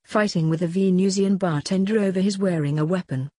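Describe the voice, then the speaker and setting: A woman reading a story aloud, voicing a blunt teenage girl who is an apprentice agent, in a husky, offhand way. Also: on the low side, brisk, warm tone, dry recording, lightly acted.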